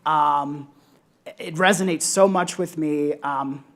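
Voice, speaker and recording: Speaking on a conference panel in a low voice, a young adult woman earnestly relates something personal. Ums come often, and she pauses to reflect.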